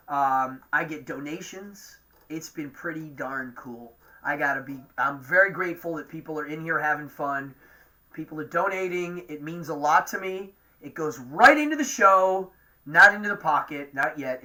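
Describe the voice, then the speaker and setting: East Coast male host, rambling and keen, bright tone, casual stream chat. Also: fairly high pitch. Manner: chatty, rambling, enthusiastic. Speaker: livestream show host.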